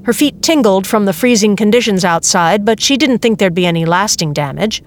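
A woman reading a novel aloud as narrator, in a steady, measured way. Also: medium pitch, slight background noise. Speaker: audiobook narrator. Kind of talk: scripted narration.

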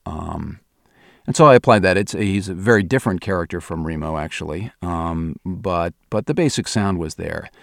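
A man with a notably deep voice answers interview questions, pausing and restarting as he works out his thoughts. His voice sounds dry and close, with no room around it. He talks as a voice actor and director. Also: creaky, fairly bright tone, dry recording. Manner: hesitant, thinking aloud with many restarts. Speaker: audio drama director and voice actor.

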